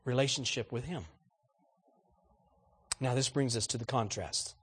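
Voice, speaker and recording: A man preaching a sermon to a congregation, animated and asking rhetorical questions. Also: medium pitch, a little slow, slightly rough. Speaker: pastor.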